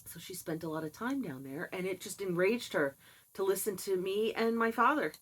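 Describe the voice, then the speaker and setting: An older woman telling a personal story in a casual, candid way, with animated asides and laughs. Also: mid-range voice, moderate pace, rough recording. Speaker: vlogger sharing personal experience.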